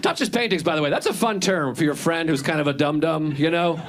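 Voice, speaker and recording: A man in his forties doing a stand-up set, self-deprecating, deadpan asides mixed with animated impressions of his friends. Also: fairly high pitch, brisk. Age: 40s. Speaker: stand-up comedian. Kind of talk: stand-up routine. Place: comedy club stage before a live audience. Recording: live club set with a laughing crowd. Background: audience laughter.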